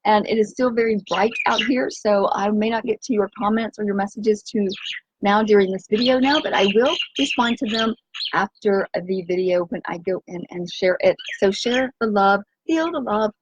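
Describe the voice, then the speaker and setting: A woman's voice: on the high side, animated, moderate pace, highs cut off, slight background noise. A woman hosting an upbeat live stream outdoors by the sea, talking in an exuberant, sing-song way and breaking into chants and cheers. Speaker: organic nutrition coach and live-stream host. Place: outdoors by the sea on a windy day.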